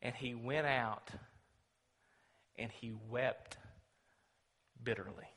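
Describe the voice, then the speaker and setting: A man preaching a sermon, telling the story dramatically and swinging between loud and hushed. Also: mid-range voice, slow. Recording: long reverb of a large hall.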